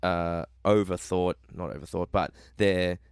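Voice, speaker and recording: A man's voice: deep voice, a little slow, creaky, clear, resonant tone, no echo, studio quality. A man co-hosting a casual film podcast, rambling and swearing freely. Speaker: podcast co-host.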